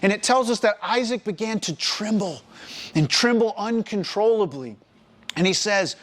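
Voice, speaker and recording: High-voiced man preaching a story sermon. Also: normal speed, a little hiss or hum. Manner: animated storytelling, acting out the characters. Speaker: preacher at a college ministry. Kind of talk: sermon, retelling a scripture story.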